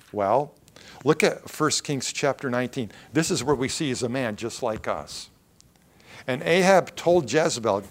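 A man delivers a sermon, reading Bible verses aloud and explaining them in plain, everyday language. His delivery swings from loud, emphatic lines to quiet, low asides.

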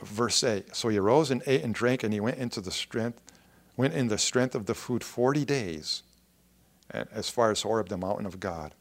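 A man preaching a sermon, reading Bible verses aloud and commenting in plain everyday words, swinging between loud emphatic lines and quiet low asides. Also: normal speed.

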